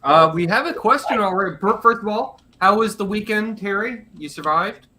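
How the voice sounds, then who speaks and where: A man hosting a live stream Q&A chat, quickly and jokingly reading out viewer names. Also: high-pitched, expressive, bright, forceful tone, a little hiss or hum. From Canada. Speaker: host.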